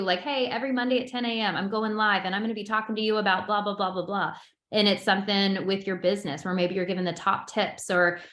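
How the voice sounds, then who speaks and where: A woman coaching a webinar on social media, chatty and excitable, who admits she talks fast. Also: fairly low pitch, echoey room. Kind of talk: webinar presentation.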